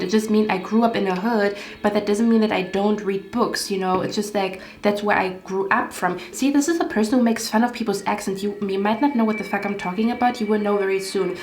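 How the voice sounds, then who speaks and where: A woman's voice: medium pitch, a little mellow. A woman giving a casual tarot reading, rambling and getting heated, swearing often. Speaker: tarot card reader. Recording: echoey room, faint background music.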